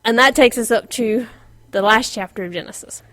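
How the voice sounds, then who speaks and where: Woman, middle-aged, informal Bible lesson, lively delivery, drops to whispers, dry close sound. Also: fairly high pitch, moderate pace, dry recording. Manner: animated, laughs often, drops to a whisper for emphasis. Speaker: Bible teacher.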